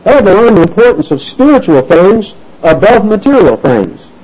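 A man preaching a sermon in a folksy, animated way, acting out the voices of the people he quotes. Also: high-pitched, moderate pace, husky, lo-fi sound.

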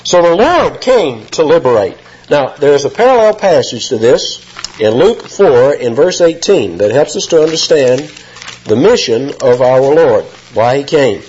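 A man's voice: medium pitch, big pitch swings, a little slow, darkish tone, slight background noise. A man preaching an expository sermon, emphatic and rising sharply when he quotes. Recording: muffled lo-fi sermon recording.

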